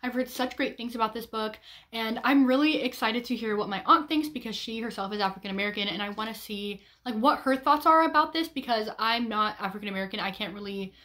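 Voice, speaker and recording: A young woman talks excitedly to her viewers about the books she plans to read, with a fairly high voice. Her delivery is chatty and bubbly, full of little ums and restarts. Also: fast talker. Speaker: book vlogger. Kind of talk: casual chat.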